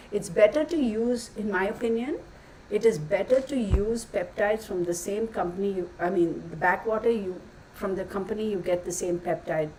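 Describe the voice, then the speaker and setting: A woman's voice: mid-range voice, a little mellow, recorded from a distance, slight background noise, poor audio. A woman talking casually to her channel, blunt and exasperated, swearing now and then and using folksy insults. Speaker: channel host. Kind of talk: casual ranting vlog.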